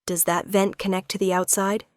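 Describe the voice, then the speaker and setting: A woman reads the part of a commanding male investigator, urgent and sharp with his orders. The sound is dry and close, with a mid-range voice. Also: medium pitch, little pitch movement, normal speed, clean tone, no echo, lightly acted. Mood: tense.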